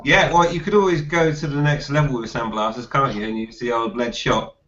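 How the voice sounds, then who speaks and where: A man's voice: mid-range voice, fairly even intonation, a little fast. A man hosting a live online hangout, chatting casually and teasing his guests with an easygoing, chuckling manner over a computer mic on a video call. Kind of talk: casual group banter. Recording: distant, muffled web-call audio with background noise.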